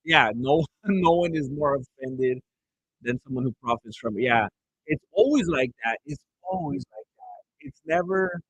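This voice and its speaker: A man's voice: on the high side, expressive, a little slow, fairly bright tone, husky, no echo, rough recording. A man streaming a fight watch-along, chatting casually and rambling through stories between reactions. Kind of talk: casual live commentary.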